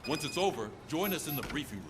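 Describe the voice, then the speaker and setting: A man's voice: fairly high pitch, animated, fast, a bit bright. An actor playing a brusque male police sergeant who gives orders in a curt, commanding way.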